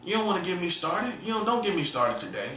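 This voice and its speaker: A man in his late forties taunts his listeners with repeated rhetorical questions, his voice bright and pushed. It swings between high teasing and low, menacing mutters. The sound is roomy and echoey, a little dull and lo-fi. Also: big pitch swings, fast, a little hiss or hum. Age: 40s. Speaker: self-styled prophet streamer. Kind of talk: taunting monologue.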